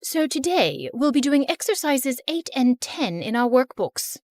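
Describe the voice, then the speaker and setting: A woman's voice: high voice, big pitch swings, measured pace, dry recording. A woman voicing a strict, easily offended female teacher in a story reading, curt and stern.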